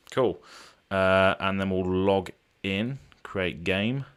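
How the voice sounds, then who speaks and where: A man's voice: sits low, steady tone, slow, fairly bright tone, smooth. A man hosting a casual live stream, rambling along with frequent ums and restarts as he sets up a card game.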